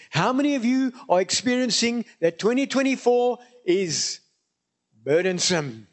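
Preacher guy, pretty high voice, hammers his points by saying them twice, sermon to a congregation. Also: big pitch swings, unhurried. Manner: emphatic, repeats phrases for stress.

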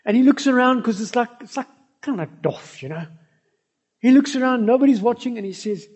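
A man's voice: sits high, expressive, a little fast, a little mellow, husky. A man preaching a sermon, telling stories and speaking directly to the congregation. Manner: storytelling, addresses the congregation directly.

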